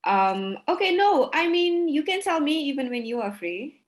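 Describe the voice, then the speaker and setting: A woman's voice: high voice, very animated, normal speed. A woman speaking politely on a video call, hesitant, stumbling and laughing as she asks questions. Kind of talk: casual chat before an online session.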